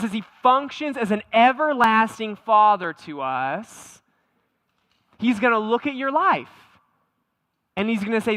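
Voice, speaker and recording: A pastor preaching a conversational sermon, animated, often repeating words and asking the congregation questions. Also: male voice, very high voice, a little slow, no echo.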